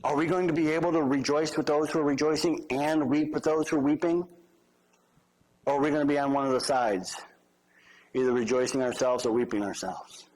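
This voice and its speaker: A man's voice: on the high side, fairly even intonation, a little fast, darkish tone, rough recording. A male pastor giving a conversational sermon with humorous asides.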